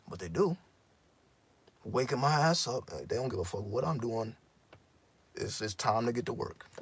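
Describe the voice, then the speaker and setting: A man's voice: on the low side, vocal fry, breathy edge. A man speaking in a casual, intense monologue as a spiritual teacher, profane and repeating himself for emphasis.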